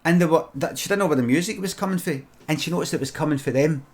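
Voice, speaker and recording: Scottish male streamer spinning an improvised comic tale, digressive and foul-mouthed, voice a touch high. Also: rapid-fire. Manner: rambling, sweary, digressive.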